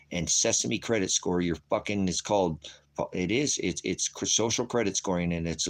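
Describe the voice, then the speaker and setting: A man with a very low, deep voice delivers a rambling livestream rant as a preacher. His talk is profane and restless, full of restarts, and he keeps calling his listeners brothers and sisters. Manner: restless, jumps between topics with restarts. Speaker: streaming preacher addressing viewers.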